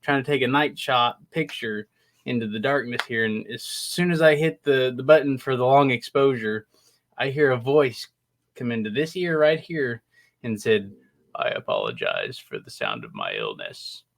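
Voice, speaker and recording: A man's voice: mid-range voice, moderate pace. Easygoing man telling a ghost story. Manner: relaxed storyteller, laughs often. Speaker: podcast guest, haunted house reviewer. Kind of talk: casual interview chat.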